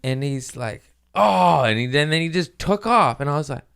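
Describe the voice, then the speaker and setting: A man hosting a comedy podcast, telling a story in a casual, profane, animated way and jumping into quick voices. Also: medium pitch, clean tone.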